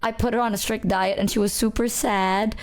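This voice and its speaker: Here a young female streamer rambles through lively, casual stories, leaning heavily on "like" and "bro." She speaks briskly at a medium pitch.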